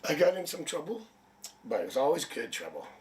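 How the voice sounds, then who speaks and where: Man, tarot reader, live-stream chat, rambling, jokey, slightly high pitch. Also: very animated, a little fast, darkish tone, far from the mic. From Canada. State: sniffly with a headache.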